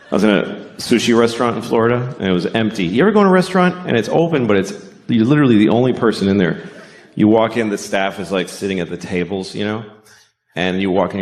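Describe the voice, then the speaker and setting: A man doing a stand-up comedy routine, profane and sardonic, with rambling rants. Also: lowish voice.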